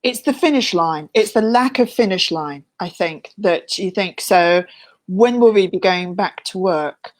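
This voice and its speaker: A woman's voice: on the low side, lively intonation, measured pace. A woman co-hosting a casual chat, telling chatty anecdotes with easy laughter. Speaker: co-host.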